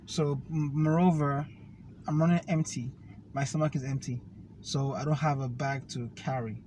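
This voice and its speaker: A man's voice: medium pitch, fairly even intonation, moderate pace, darkish tone. A man, casually explaining fitness and food with step-by-step analogies while riding in a car. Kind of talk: casual conversation. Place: inside a car. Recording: noisy car recording.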